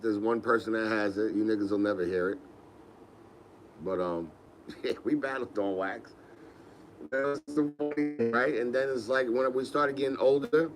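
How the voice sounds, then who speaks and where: A man's voice: mid-range voice, normal speed, a little hiss or hum, low-quality recording. A young man, hosting a podcast and telling rambling, laid-back stories with laughs. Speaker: podcast host. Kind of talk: casual storytelling.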